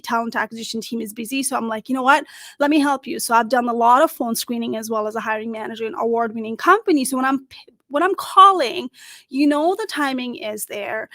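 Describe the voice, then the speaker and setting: A woman career coach giving lively, emphatic advice straight to camera, acting out short phone calls as she goes. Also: a little high, no room sound. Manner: animated, emphatic, acts out little phone calls. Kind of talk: direct-to-camera advice talk.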